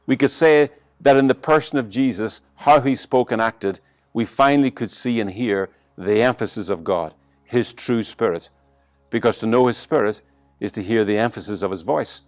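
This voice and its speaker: A man with an Irish accent preaching a sermon as pastor, pressing hard on some phrases and dropping to a soft, slow hush on others. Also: mid-range voice, dry recording. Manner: varies emphasis and pace, slows to a soft hush on key lines.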